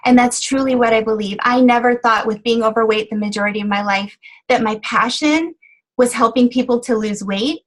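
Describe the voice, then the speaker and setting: A woman's voice: fairly high pitch, a little fast, rough recording. A middle-aged woman health coach sharing her story on a call, earnest and choked up, with many fillers. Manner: earnest, emotional, frequent fillers. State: tearful, choked up. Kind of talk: motivational testimonial on a conference call. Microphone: phone call.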